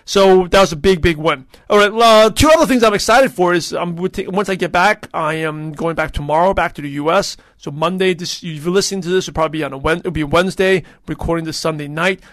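A man in his thirties talks through a casual solo podcast in a fairly high voice. He rambles and restarts often and leans on fillers. The sound is dry and close, with no room around it. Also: quick pace, hardly any pauses, fairly bright tone, dry recording. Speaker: podcast host.

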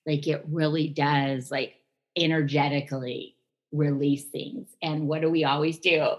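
Husky, low-voiced woman in casual talk. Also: flat delivery, a little slow. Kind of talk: casual chat.

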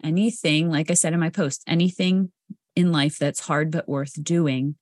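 A woman's voice: low-pitched, steady tone, moderate pace, darkish tone, no room sound, clean studio sound. A woman co-hosting a podcast about recovery, talking candidly in casual chat, swearing freely and laughing often. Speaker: podcast co-host.

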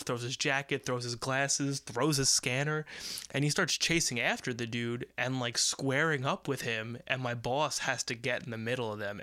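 A man's voice: mid-range voice, sharp tone, no echo. Profane rambling man telling work stories. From United States. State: sick with covid. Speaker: podcast host. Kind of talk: casual storytelling monologue.

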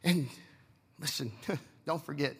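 A man's voice: a little high, slow pace, gravelly, breathy edge. A male pastor preaching a passionate sermon, retelling a story and acting out its voices.

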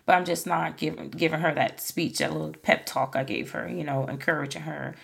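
A woman's voice: low-pitched, fairly even intonation, a little fast, gravelly, husky. A woman hosting a podcast, talking in a casual, earnest and encouraging way, full of "like" and "you know". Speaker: podcast host. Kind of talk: casual motivational monologue.

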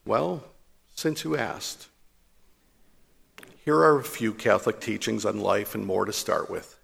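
A man with a deeply gravelly, husky voice delivers a sermon as a priest. He speaks in a measured, emphatic way, slowing to stress each point, and his voice carries a long hall reverb. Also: expressive, a bit bright.

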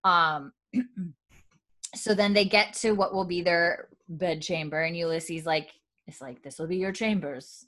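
A woman's voice: fairly low pitch, slow pace, fairly bright tone. A woman hosting a casual podcast chat, retelling scenes with quoted lines, many fillers and frequent laughs. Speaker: podcast host recapping a TV episode.

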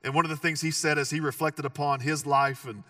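A man's voice: on the high side, little pitch movement, a little fast, bright, forceful tone, no room sound, clean studio sound, recorded from a distance. A man preaching a sermon as pastor, conversational and joking, with emphatic repeated phrases.

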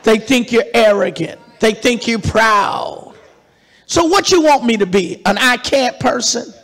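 A preacher man with a very high, bright, gravelly voice, delivering his sermon slowly and drawing out his words. He leads call-and-response and swells to shouts. Long hall reverb and a faint congregation sit behind him. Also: expressive, a faint crowd. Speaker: pastor. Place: church sanctuary.

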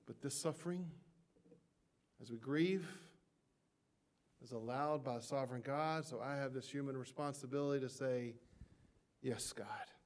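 A middle-aged male pastor giving a sermon, moving from soft, hushed passages to loud, impassioned climaxes. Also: medium pitch, normal speed, pauses often.

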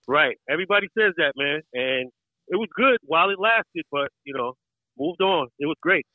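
A man's voice: on the high side, animated, normal speed, no room sound. Laid-back man on a tinny line. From New York. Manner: laid-back, short agreeing replies. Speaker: podcast guest. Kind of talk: casual podcast chat. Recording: tinny phone-like remote line.

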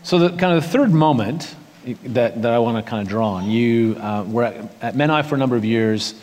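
A man's voice: mid-range voice, fairly quick. Man pastor interviewing, hall echo. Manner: relaxed and wry, with hesitant fillers. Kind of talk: conversational interview.

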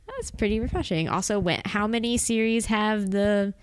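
Smooth-voiced woman chatting about manga. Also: mid-range voice, normal speed, dry recording, clean studio sound. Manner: chatty, acts out quotes. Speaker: podcast co-host. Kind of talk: casual chat about manga.

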